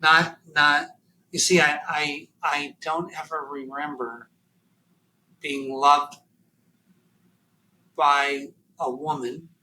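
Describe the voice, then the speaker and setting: A man shares a raw personal story in an interview. He speaks haltingly and emotionally, near tears, with plenty of fillers. His voice sits a bit high and is strikingly bright and sharp. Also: little pitch movement, a little hiss or hum, rough recording. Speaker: podcast guest.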